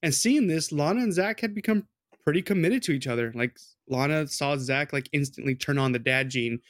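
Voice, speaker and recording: A man's voice: a little high, brisk, a bit bright, no echo, clean studio sound. A man co-hosting a podcast, telling a true crime story in a loose, rambling, casual way. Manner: loose, rambling, with lots of "like" and "dude".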